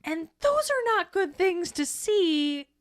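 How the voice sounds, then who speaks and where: A woman's voice: very high-pitched, big pitch swings, takes it slowly, no echo. A woman co-hosting a podcast in casual, profane, laughing chat. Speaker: podcast co-host.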